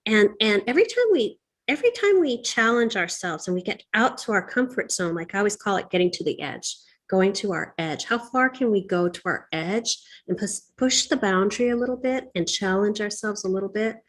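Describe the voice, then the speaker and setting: A woman hosting a conversational interview. She speaks in an encouraging, reflective way, offering coaching-style thoughts at a medium pitch. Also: lively intonation, brisk, hardly any pauses. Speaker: host. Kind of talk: casual interview chat.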